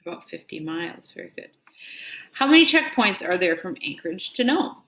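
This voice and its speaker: A woman's voice: on the low side, sing-song, brisk, fairly bright tone. A woman teaching an elementary reading lesson, prompting children item by item and praising their answers, then reading a story aloud with care. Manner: call-and-response prompting, repeating "what word?" after each item; patient and encouraging, praising answers. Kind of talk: scripted reading drill and read-aloud.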